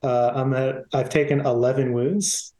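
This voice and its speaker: Male player, mid-pitched, laid-back and hesitant, recorded in a roomy, echoey space. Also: steady tone, unhurried, mellow. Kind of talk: tabletop game play. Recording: roomy echo.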